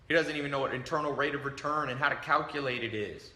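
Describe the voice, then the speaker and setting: A man hosting a livestream, giving a brash, animated motivational talk and acting out the voices he quotes. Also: on the high side, fast, roomy sound. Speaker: livestream host. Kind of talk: motivational talk to a live audience.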